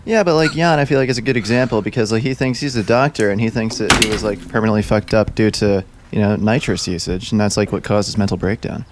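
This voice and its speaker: Male podcast co-host, quick and low-voiced, rambling jokey banter. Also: background noise. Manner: rapid rambling banter, joking, many fillers. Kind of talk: casual chat.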